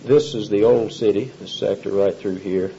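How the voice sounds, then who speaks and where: A man's voice: on the low side, fairly even intonation, normal speed, vocal fry, dark tone, dull audio, slight background noise. A male pastor preaching an expository sermon in a conversational way, often putting questions to his listeners. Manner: conversational, asks the audience questions.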